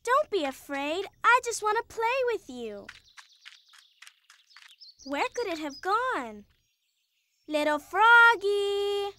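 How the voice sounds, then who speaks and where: A woman voicing a sweet, playful young cartoon cow girl who talks slowly and dreamily. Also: extremely high pitch, slight background noise, heavily acted. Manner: slow, dreamy and playful, quacks like a duck. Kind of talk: cartoon voice acting. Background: loud kids' cartoon music.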